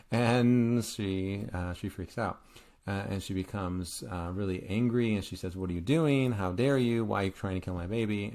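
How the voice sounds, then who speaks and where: A man teaching art history in a relaxed lecture, retelling a myth conversationally with many filler words. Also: deep voice. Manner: conversational, frequent "uh" fillers and restarts; retells myths casually with a light humorous touch. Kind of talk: informal recorded lecture.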